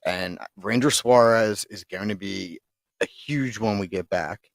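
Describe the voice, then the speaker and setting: A man with a lowish voice co-hosts a sports podcast in loose, rambling chat. He restarts his sentences often and swears casually. The sound is close and dry, with no room around it. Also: a little slow, gravelly, no room sound. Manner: rambling, profane, restarts a lot. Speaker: podcast co-host.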